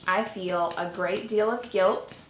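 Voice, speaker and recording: Gentle, slow-talking woman guiding tapping. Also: mid-range voice, fairly even intonation. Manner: gentle, coaching with slow repeat-after-me phrases and audible sighs. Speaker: tapping guide. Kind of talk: guided tapping session. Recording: echoey room with faint noise.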